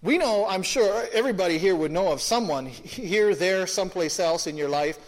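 Emphatic preacher man, lively pitch. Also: moderate pace. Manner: emphatic, repeats phrases, many restarts, talks to the congregation. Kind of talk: expository sermon.

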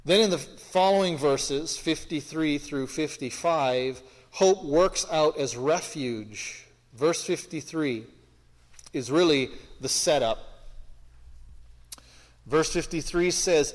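A man with a somewhat high voice teaches scripture verse by verse. He talks in a conversational, questioning way, and his voice rings with a long hall reverb. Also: slow pace. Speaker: Bible teacher. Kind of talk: expository Bible teaching.

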